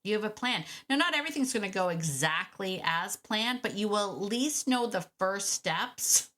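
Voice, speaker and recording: A woman dog trainer hosting a solo podcast, speaking directly to listeners in an animated, encouraging way and repeating her key points. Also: medium pitch. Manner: animated, repeats key phrases, acts out quick quoted thoughts. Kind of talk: solo podcast coaching talk.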